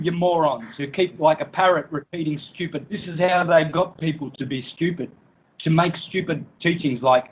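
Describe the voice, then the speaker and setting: Scornful, profane ranting man with a high voice. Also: moderate pace, slightly rough, low-quality recording. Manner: profane, mocking, scornful, with bursts of laughter; menacing, threatening. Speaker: guest. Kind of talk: angry rant in an online interview.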